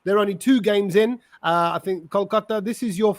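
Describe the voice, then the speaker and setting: A man's voice: sits high, moderate pace, no echo, clean studio sound. A man hosting a fan chat show, chatty and upbeat, reading out viewer messages. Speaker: host.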